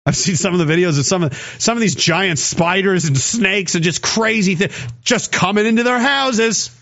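Reading chat on a livestream, a Canadian man rambles sarcastically and curses in casual commentary. He has a high, fairly bright voice and moves at a moderate pace, while the recording cuts off the highs.

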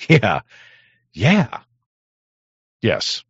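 A man hosting a talk show, rambling in crude, sarcastic casual commentary with a hoarse voice. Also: low-pitched, wildly swooping pitch, very slow, pauses often, a bit bright, no echo, dull audio. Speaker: podcast host.

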